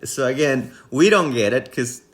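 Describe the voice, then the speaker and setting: A man's voice: medium pitch, expressive, normal speed. A man co-hosting a casual film-review podcast, amused, laughing mid-sentence and restarting his thoughts. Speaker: podcast co-host.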